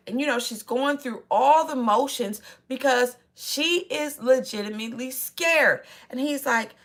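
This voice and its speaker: A woman's voice: sits high, measured pace, a bit bright. A woman recapping a movie plot in a chatty, casual way, acting out the characters' lines as she goes. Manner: chatty, retells scenes with quoted lines. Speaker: movie reviewer.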